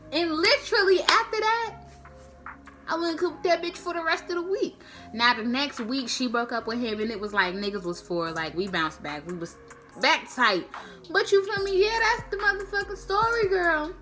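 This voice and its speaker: A young woman vlogger, telling a slangy, animated storytime. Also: on the high side. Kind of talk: storytime vlog.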